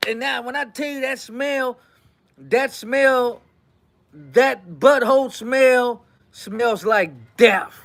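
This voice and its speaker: Male host, very high voice, animated casual storyteller, repeats lines for punch. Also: takes it slowly. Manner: animated, acts out quotes, repeats lines for effect.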